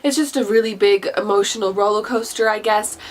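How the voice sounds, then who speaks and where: A woman's voice: medium pitch, a little fast. A young woman chatting in a casual book review vlog, gushing and chatty, with many fillers and restarts. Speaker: booktuber.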